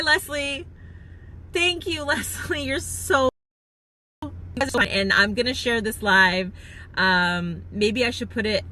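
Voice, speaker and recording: A woman's voice: medium pitch, pushed and bright. A woman live-streaming to her viewers from a phone, chatting heartfelt and gushing with lots of fillers, near tears at times. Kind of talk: emotional live-stream chat.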